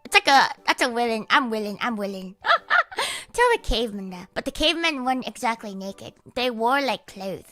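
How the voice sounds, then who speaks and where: A woman's voice: fairly high pitch, big pitch swings, moderate pace, sharp tone. A young woman chatting casually on her livestream, rambling, swearing, with many fillers. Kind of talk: casual stream chat.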